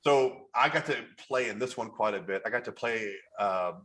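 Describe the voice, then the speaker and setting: A man's voice: on the low side, moderate pace. Chatty storytelling man, many "like"s. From Kentucky. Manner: animated storyteller, heavy use of "like" and "you know". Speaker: podcast guest, model photographer. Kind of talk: casual storytelling in an interview.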